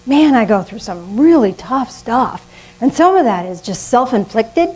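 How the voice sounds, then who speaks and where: An older woman preaching a sermon in a lively, conversational way, often laughing at herself. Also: a little high, measured pace, breathy edge, low-quality recording. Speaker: minister.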